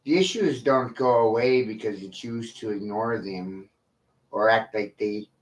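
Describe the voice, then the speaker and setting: A man on a livestream rant who drags out every line at a slow, heavy crawl. He swears freely and sounds combative and full of himself, leaving long pauses between jabs. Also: on the low side. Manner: profane, combative, boastful.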